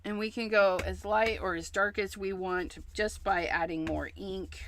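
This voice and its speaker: A woman's voice: mid-range voice, fairly even intonation, measured pace, few pauses, a bit bright. A woman hosting a craft livestream, chatting casually as she explains each step she works on.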